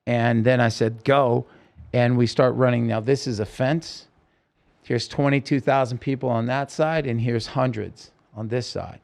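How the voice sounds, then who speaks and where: A man's voice: medium pitch, steady tone, unhurried, creaky, a little mellow. Man intensely retelling a harrowing story. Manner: vivid, intense storytelling with quoted dialogue. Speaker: podcast guest. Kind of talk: personal story told in an interview.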